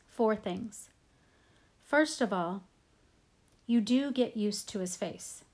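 A woman's voice: mid-range voice, takes it slowly, darkish tone. A woman narrating a first-person audiobook in a casual, conversational tone. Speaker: audiobook reader.

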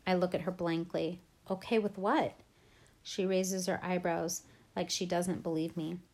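Woman narrating an audiobook, lowish voice. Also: flat delivery, moderate pace, a little mellow. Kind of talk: first-person audiobook narration.

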